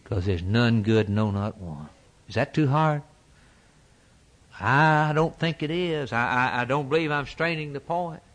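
A man's voice: mid-range voice, expressive, normal speed, hardly any pauses, fairly bright tone. Emphatic folksy preacher, a man. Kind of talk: sermon.

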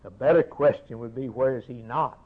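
A man preaching a sermon in a declamatory way, rising to loud questions and falling back to a hushed close. The recording is narrow and tinny, like it came down a phone line. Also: fairly quick, slightly rough. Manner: declamatory, swelling to raised rhetorical questions then dropping low.

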